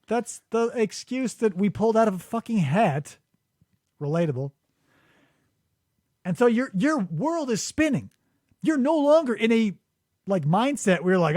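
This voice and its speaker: Podcast host, male. High, very expressive storyteller who acts out quotes. Dry studio sound. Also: normal speed, no room sound. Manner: animated storytelling, acts out quotes, swears freely. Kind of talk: casual chat. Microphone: studio microphone.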